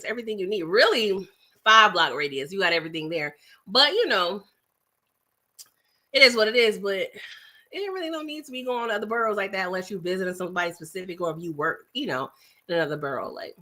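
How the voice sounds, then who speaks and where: Talking fast in a bright, mid-range voice, a woman from New York City runs a casual live-stream chat and reads what viewers write. She's chatty and lively, with lots of laughs, audience asides and snacking along the way.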